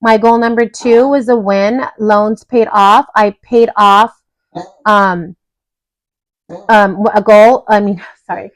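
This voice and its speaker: A woman's voice: mid-range voice, steady tone, slow, dry recording, poor audio. A woman in a casual budgeting vlog, reviewing her own goals at home in a chatty, apologetic way with frequent restarts. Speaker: budgeting vlogger. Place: home room with dogs nearby.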